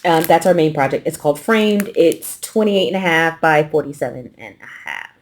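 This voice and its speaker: Hosting a quilting channel, a low-voiced woman from New York, with a light Southern US lilt, rambles easily through an unboxing at a moderate pace. Her chat is laid-back, and now and then her consonants get swallowed.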